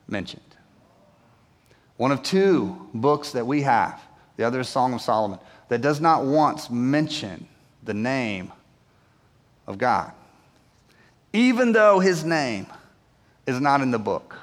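A male pastor tells a story from the pulpit in a casual, slangy way. His voice sits fairly high. A long reverb from a large church hall hangs on his words. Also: fairly bright tone. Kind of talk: sermon.

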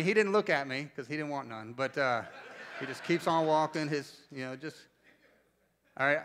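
A man in his forties from North Carolina preaching a sermon as pastor, telling stories conversationally and asking the congregation questions. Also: on the high side. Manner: conversational storytelling, animated, asks the congregation questions.

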